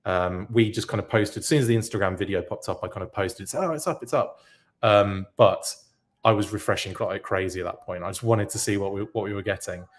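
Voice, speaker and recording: A man's voice: sits low, steady tone, fairly quick. Chatty, rambling man hosting a live stream. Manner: rambling, chatty, self-interrupting. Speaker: podcast host reacting live. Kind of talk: live-stream chat, reading comments.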